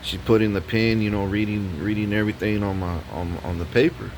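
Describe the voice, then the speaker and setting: A man's voice: on the low side, steady tone, fairly quick, darkish tone, slight background noise. A man vlogging a profane, rambling story, full of restarts and repeated words. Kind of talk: ranting story vlog.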